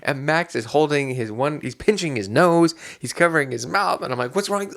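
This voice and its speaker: A man's voice: fairly high pitch, moderate pace, gravelly. A man co-hosting a podcast in casual chat, telling a rambling story with many restarts and bursts of laughter. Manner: animated when acting out scenes. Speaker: podcast co-host.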